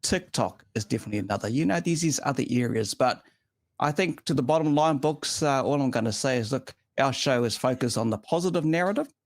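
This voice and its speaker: A man's voice: medium pitch, lively intonation, brisk, no echo. A man hosts a casual racing talk show in an ordinary middle register. He talks with emphasis and strong opinions, stringing long runs together. The sound is dry, with no room behind it. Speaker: show host. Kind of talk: casual podcast chat.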